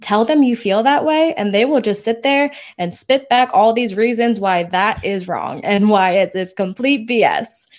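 Earnest woman podcast co-host. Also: medium pitch. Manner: earnest, candid, quick bursts. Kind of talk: casual podcast chat.

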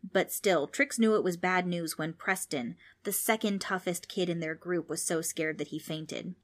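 A woman narrating a children's storybook in an expressive, playful way. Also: on the low side, moderate pace.

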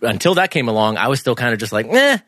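A man's voice: mid-range voice, lively intonation, rapid-fire, a bit bright, dry recording, studio quality. A man in his thirties co-hosting a podcast, laughing easily and swearing as he chats. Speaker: podcast co-host. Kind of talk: casual chat. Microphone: studio microphone.

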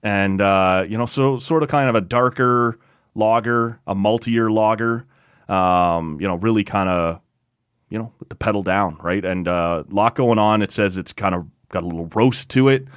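A man's voice: on the low side, normal speed, clean tone, no room sound, clean studio sound. Laid-back man rambling about beer. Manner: relaxed, rambling, full of fillers. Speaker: podcast co-host. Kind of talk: casual beer-tasting chat.

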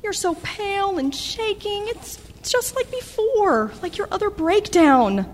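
A woman's voice: very high-pitched, animated, a little slow, long reverb tail, slight background noise. A woman playing a worried mother who pleads firmly with her grown daughter. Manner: firm, pleading, pushy.

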